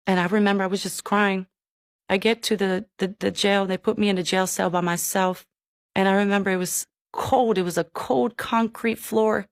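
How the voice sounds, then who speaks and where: A woman telling her personal conversion testimony, earnest and emotional, with halting restarts. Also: mid-range voice, fairly even intonation, creaky, no echo, studio quality. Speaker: person giving a faith testimony.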